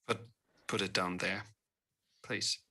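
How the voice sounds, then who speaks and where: A man playing a tabletop game, speaking in a deliberate, quietly grave way in character. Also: low voice, steady tone, gravelly. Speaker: player.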